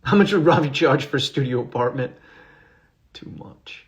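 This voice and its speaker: Man, gravelly low-end fry, mid pitch, livestream Q&A, reads questions aloud, loose answers full of ums and restarts, phone mic. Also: lively intonation, normal speed. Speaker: actor answering fan questions. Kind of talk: casual livestream Q&A.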